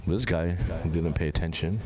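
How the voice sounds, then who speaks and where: A man's voice: normal speed, slight background noise. A young man giving an informal sermon to a large gathering, talking to the audience in a conversational way and asking them questions. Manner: conversational, asks the audience questions, animated rises in pitch. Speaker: speaker at a Muharram gathering. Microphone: handheld microphone. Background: crowd of listeners.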